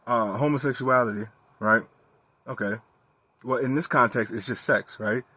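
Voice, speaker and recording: A young man talking candidly in a personal monologue, profane and animated as he tells his story. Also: mid-range voice, no room sound. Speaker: vlogger.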